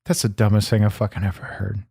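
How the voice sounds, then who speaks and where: A man voicing a foul-mouthed, angry male wrestler persona on a comedy podcast, profane and gruff. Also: fairly low pitch, flat delivery, quick pace, mellow, no room sound, clean studio sound, pitched below the performer's own voice. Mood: irritated. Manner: profane, gruff, constantly pissed off. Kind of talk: improvised comedy podcast banter.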